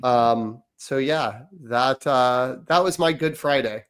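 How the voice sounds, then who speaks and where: A man co-hosting a parenting podcast who tells stories in a lively, animated way and often trails off into fillers. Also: mid-range voice, slow, clear, resonant tone. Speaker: podcast co-host. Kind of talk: casual chat.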